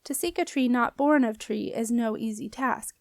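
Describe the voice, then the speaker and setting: A woman voicing a wise, calm old witch mother who talks slowly and cryptically in a storybook reading. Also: on the high side, dry recording, clean studio sound, natural voice. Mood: solemn. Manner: slow, solemn, cryptic speech.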